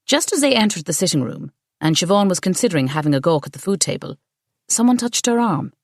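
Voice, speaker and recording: A woman reads an audiobook in a steady, measured way. Her voice sits on the low side, and the room is dry and dead, with no echo. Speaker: audiobook narrator. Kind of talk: scripted narration.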